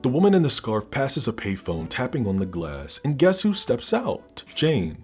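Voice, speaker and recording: A man's voice: sits low, slightly rough. A man giving a casual film recap as a video host, full of slangy jokes and mocking impressions of the characters. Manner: slangy, joking asides; mimics characters in mocking voices.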